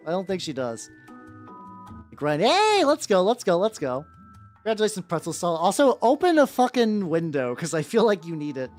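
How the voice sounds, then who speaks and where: A streamer from the United States chatting casually while painting miniatures, rambling and swearing often. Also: medium pitch. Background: faint background music.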